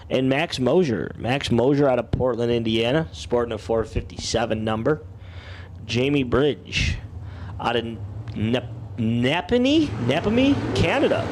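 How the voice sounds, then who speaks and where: A man's voice: medium pitch, slight background noise. Folksy drag race announcer, man. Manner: folksy, playful announcer banter. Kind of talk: live race commentary. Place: outdoor dragway.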